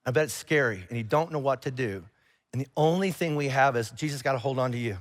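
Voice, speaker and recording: A man preaching a sermon to a church congregation in a conversational, animated way, acting out little exchanges of dialogue. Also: medium pitch, fast. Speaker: pastor. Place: church auditorium.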